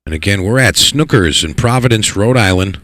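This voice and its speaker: A man giving live play-by-play commentary on a pool match, excitable and repeating words for emphasis. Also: on the low side, fairly quick, no room sound, clean studio sound. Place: pool hall.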